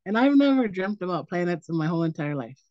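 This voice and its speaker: A woman's voice: on the low side, fast talker, no room sound. Chatty woman in her forties, lo-fi call. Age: 40s. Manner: relaxed storytelling with fillers like "um" and "like". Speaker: presenter. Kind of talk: casual online presentation.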